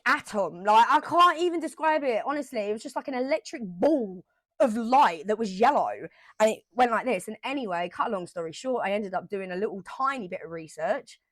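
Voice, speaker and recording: A woman vlogger telling a personal story straight to camera, emotional and animated, repeating herself for emphasis and swearing now and then. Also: medium pitch, dry recording.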